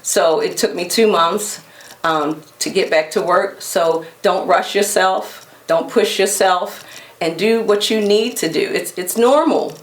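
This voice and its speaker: A woman earnestly sharing her experience and giving gentle advice. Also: medium pitch, unhurried, roomy sound, far from the mic. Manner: earnest, gently advising, with restarts. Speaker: guest sharing her story. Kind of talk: personal testimony.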